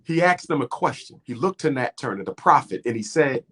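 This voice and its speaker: A man's voice: mid-range voice, animated, brisk, a bit bright, slightly rough. A middle-aged man speaking as an interview guest, impassioned and preacher-like, building his points through rhythmic repetition.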